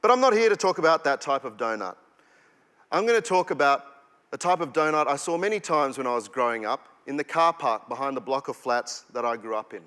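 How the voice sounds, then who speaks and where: A young Australian man performing spoken-word poetry on stage, with a rhythmic, punchy delivery that swings between sudden drops and loud bursts. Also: mid-range voice, expressive, fairly quick, clear, resonant tone. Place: performance hall. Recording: long hall reverb.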